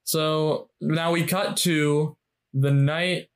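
Man, podcast co-host, slightly higher voice, animated, repeats for emphasis. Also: very slow. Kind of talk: casual chat recapping a TV episode.

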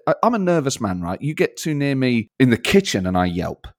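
A man's voice: mid-range voice, very animated, a little fast. A man co-hosting a podcast, chatting casually and teasing his co-host in a jokey way. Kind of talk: casual chat.

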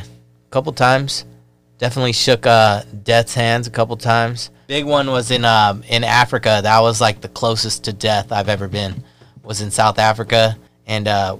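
A man with a bright, clear voice tells a story in loose, profane, casual chat. His speech rambles and is animated. It is full of fillers and swearing. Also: medium pitch. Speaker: podcast guest.

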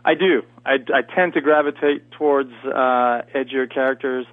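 A man's voice: medium pitch, fairly even intonation, normal speed, dry recording. A native French-speaking man from Canada, a guest actor chatting casually in an interview with many fillers and restarts. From Canada, near Montreal. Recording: tinny phone line, dry.

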